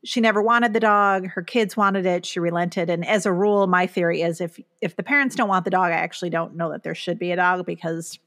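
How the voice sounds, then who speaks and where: A middle-aged woman with a voice on the lower side speaks as a podcast guest. She is earnest and reflective, often pausing on fillers as she works through her thoughts in casual conversation. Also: fairly even intonation, fairly bright tone. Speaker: author and guest.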